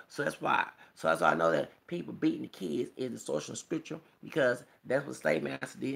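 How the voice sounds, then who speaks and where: A man's voice: mid-range voice, vocal fry, fairly bright tone. A man vlogging a rambling, emphatic commentary monologue, preachy and quoting scripture, punctuated with rhetorical "okay?" and "hello!".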